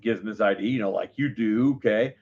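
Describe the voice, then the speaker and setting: A man's voice: lowish voice, a little fast, a little mellow. Male live-show host, heated and profane storyteller, rambling delivery, muffled lo-fi audio. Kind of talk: casual storytelling to viewers. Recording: dull lo-fi audio.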